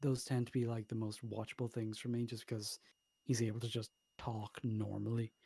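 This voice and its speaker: Blunt Irish man, mellow voice. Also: fairly low pitch, flat delivery, normal speed, creaky, breathy edge, dry recording. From Ireland. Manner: blunt, swears freely, argumentative. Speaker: podcast co-host. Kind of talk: casual chat.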